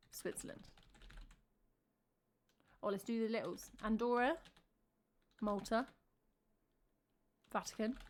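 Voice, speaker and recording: A woman's voice: mid-range voice, darkish tone. A woman with an English accent, chatting casually on a live stream, thinking aloud and answering her chat. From England.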